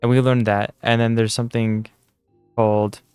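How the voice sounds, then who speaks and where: A man's voice: mid-range voice, flat delivery, moderate pace, a little mellow, clean tone, no echo, soft background music. A tired young man chatting casually while playing a game, rambling and self-deprecating. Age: young adult. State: tired, yawning. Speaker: gaming channel host. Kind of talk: casual gameplay commentary.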